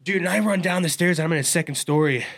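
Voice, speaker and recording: A man spinning a long, profane yarn in casual conversation, with a bright, forceful edge to his voice. His pitch sits a touch high for a man, and he tells the story fast and animated. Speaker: podcast guest.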